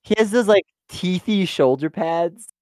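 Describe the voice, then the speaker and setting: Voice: medium pitch, lively intonation, a little slow, a little mellow, no echo, studio quality. A podcast co-host in casual review chat, talking loosely with lots of filler words and easy laughter. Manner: chatty, many "like" fillers, laughs easily.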